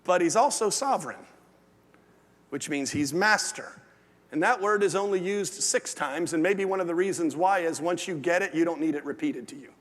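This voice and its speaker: Pastor guy preaching, goes from loud and punchy to low and quiet, voice echoing around a big hall. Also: normal speed. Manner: swings from lively and loud to low and hushed. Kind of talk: sermon. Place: large church sanctuary. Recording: long hall reverb.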